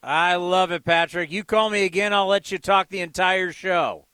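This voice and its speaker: Bright-voiced sports radio host. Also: male voice, high-pitched, fairly even intonation, normal speed, clear, resonant tone, no room sound.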